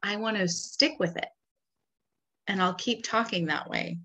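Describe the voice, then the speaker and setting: A woman's voice: medium pitch, a little slow, pushed and bright. A woman in her thirties, a mother and co-host, chatting casually and laughing often. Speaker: podcast co-host. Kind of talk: casual chat.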